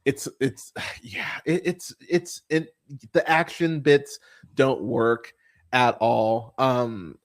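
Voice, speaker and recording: A man's voice: medium pitch, fairly even intonation, takes it slowly. Rambling, profane man reviewing movies. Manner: rambling, profane, laughing often, swooping into mocking voices. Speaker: podcast host. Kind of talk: casual movie review chat.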